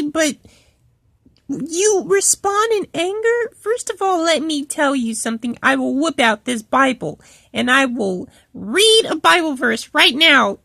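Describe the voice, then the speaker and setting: High swoopy creaky cow lady griping about work, then preaching, lots of ums, as a woman plays her. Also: sharp tone, dry recording, studio quality, full character voice. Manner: rambling, full of fillers and restarts; preachy, quotes Bible verses. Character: female cow office worker, indignant and preachy. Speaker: channel host. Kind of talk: in-character storytime vlog.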